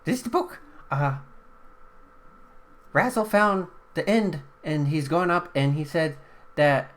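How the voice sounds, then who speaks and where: A man voicing a talking magic book with a squeaky voice. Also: slow. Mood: eager.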